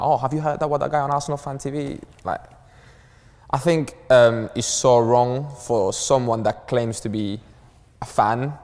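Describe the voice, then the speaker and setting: A Spanish-born man with a London accent, answering an interview question thoughtfully, pausing on "um"s. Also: medium pitch, darkish tone. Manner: thoughtful, hesitant with "um"s. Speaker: footballer. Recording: reverberant room.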